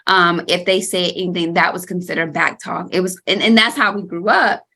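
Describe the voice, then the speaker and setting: A woman's voice: on the low side, a little fast. Woman host of an interview show, thoughtful, keeps saying mm-hmm. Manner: warm backchannelling, earnest and reflective. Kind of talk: conversational interview.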